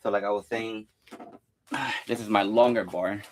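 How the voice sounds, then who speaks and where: A man's voice: lowish voice, steady tone, measured pace, a little hiss or hum. Rambling young man counting workout reps. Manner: loose and rambling, filler-heavy, counting reps aloud. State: out of breath at times. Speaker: fitness vlogger. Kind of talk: casual workout demonstration.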